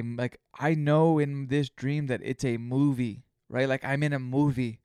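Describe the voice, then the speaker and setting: A man's voice: mid-range voice, fairly even intonation, a little slow, hardly any pauses, warm tone, clear, resonant tone, dry recording, clean studio sound. Man rambling on a solo podcast. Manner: rambling storytelling, heavy swearing. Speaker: podcast host. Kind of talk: casual solo podcast monologue.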